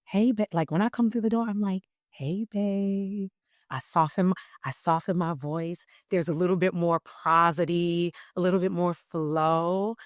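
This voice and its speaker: A woman voice coach talking in a podcast interview, expressive and emphatic, shifting her loudness and pitch to make a point. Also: moderate pace, hardly any pauses, no echo, clean studio sound. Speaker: voice coach guest.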